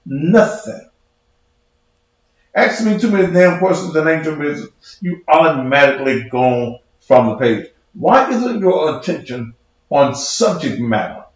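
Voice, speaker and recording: Combative male preacher-host, high lively voice, cussing rant in a very echoey room. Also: measured pace, muffled recording. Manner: profane, combative, mocking. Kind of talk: heated livestream rant.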